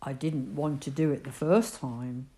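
A woman doing rough burglar man, exclaiming loudly. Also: rumbling low, fairly even intonation, measured pace. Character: rough-talking male house burglar, blunt and bossy.

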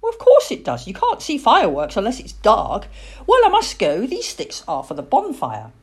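A woman's voice: on the high side, wildly swooping pitch, normal speed, a little mellow, slightly rough, pitched above the performer's own voice, exaggerated voice. A woman reading a storybook and voicing an eager, chatty little boy. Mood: excited. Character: excited little human boy.

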